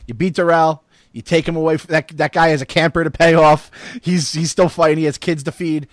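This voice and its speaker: A man's voice: a little high, steady tone, no room sound, studio quality. Loose, profane man hosting a podcast. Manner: loose, profane and joking, with quick asides. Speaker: podcast host. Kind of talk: casual podcast chat.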